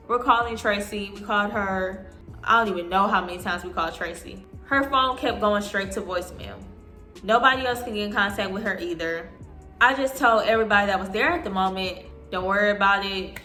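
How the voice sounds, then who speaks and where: Girl in her 20s doing a storytime, bright voice, echoey room, music low underneath. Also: moderate pace. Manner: animated, acting out quotes in voices. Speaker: vlogger. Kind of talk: storytime vlog. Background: soft background music.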